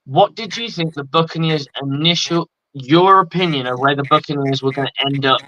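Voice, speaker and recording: Excitable, swearing man. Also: a little high, normal speed, slight background noise. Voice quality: excitable and profane, many restarts. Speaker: host. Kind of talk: casual sports talk. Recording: dry, dull lo-fi sound.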